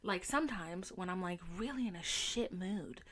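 A young adult woman hosting a solo podcast, chatting candidly with profanity and animated storytelling. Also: fairly low pitch, moderate pace. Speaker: podcast host. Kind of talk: casual solo podcast chat.

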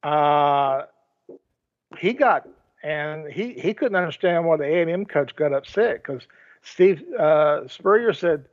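A man's voice: on the high side, lively intonation, takes it slowly. A man co-hosting a podcast, talking sports in a casual, opinionated way and telling stories. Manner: storytelling, opinionated. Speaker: podcast co-host. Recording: dull lo-fi audio.

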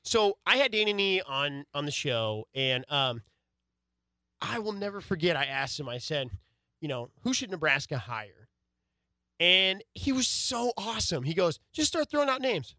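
A bright, forceful male voice, recorded dry and close in a podcast studio. He is a former sports radio host who tells stories with animated energy and drops casual swears. His pitch sits a touch above the middle for a man. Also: measured pace, no room sound.

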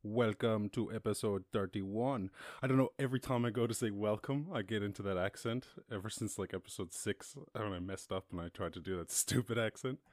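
An Irish man hosting a casual podcast, reading news stories aloud and reacting to them with loud exclamations. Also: fairly low pitch, fast, few pauses, no room sound, studio quality. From Ireland. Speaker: podcast host.

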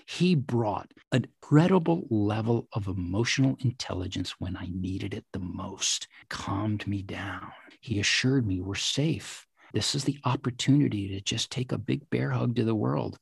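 A man in an interview telling a personal story vividly, at times dropping to hushed asides. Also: on the low side, unhurried, vocal fry, breathy edge, no room sound. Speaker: interview guest, teaches classes.

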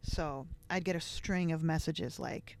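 A woman's voice: low-pitched, measured pace, creaky, darkish tone. A woman hosting a podcast, telling a personal family story in a candid, reflective way with many casual fillers. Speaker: podcast host.

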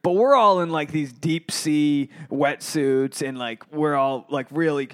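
Rambling, profane man with a fairly high voice. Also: a little slow, a bit bright, clean tone. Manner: rambling, profane, jokey storyteller. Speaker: podcast host, comedian. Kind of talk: casual podcast chat. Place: holiday resort.

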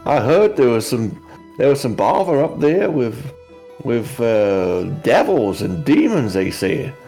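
A man's voice: medium pitch, big pitch swings, takes it slowly, dark tone, soft background music. A man voicing Great Mama, a folksy, pious older swamp woman with a drawling, homespun manner.

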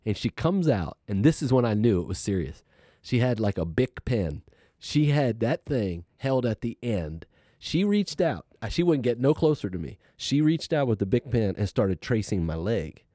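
A middle-aged man casually telling a personal story, animated and acting out what people said. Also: mid-range voice, normal speed, no echo, studio quality. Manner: animated, acts out quoted voices, laughs while telling.

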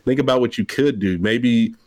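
A man co-hosting a casual gaming podcast, talking in an excitable, rambling way. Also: medium pitch, normal speed, no echo. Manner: excitable, rambling gamer talk. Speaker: podcast co-host. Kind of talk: casual chat.

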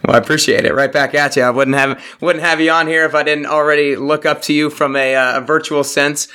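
A man's voice: fairly high pitch, level tone, brisk, sharp tone, clear, resonant tone. A young adult man hosting a podcast, upbeat and enthusiastic in a casual interview. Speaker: podcast host.

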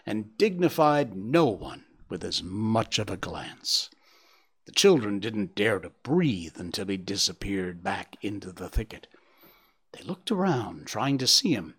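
A man narrating a storybook in a hushed, expressive reading that dips into near whispers. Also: lowish voice, husky.

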